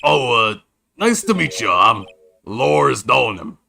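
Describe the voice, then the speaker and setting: A man voicing an excitable, lovestruck young male artist in a video game, loud and eager. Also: mid-range voice, slow pace, gravelly, a little hiss or hum, full character voice. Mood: excited.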